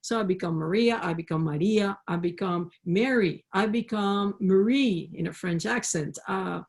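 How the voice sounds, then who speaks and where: A woman with a Spanish accent speaks on a panel over a video call, earnest and storytelling. Her voice has a gravelly fry, and she circles back over her words as she starts her thoughts. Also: fairly low pitch, moderate pace. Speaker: university professor on a panel. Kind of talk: panel discussion.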